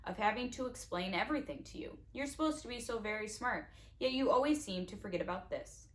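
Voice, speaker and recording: A woman's voice: fairly high pitch, lively intonation, a little fast, natural voice. A woman reading a storybook aloud, voicing a sneering, menacing adult male villain with a mocking, threatening manner.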